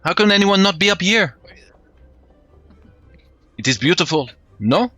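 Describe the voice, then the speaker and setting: A man's voice: sits high, big pitch swings, unhurried, bright, forceful tone, no room sound, faint music behind, pitched above the performer's own voice, full character voice. A man putting on a boastful French swashbuckler. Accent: put-on French. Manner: boastful, flamboyant, hesitant with fillers. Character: swashbuckling male mercenary sailor with a French accent.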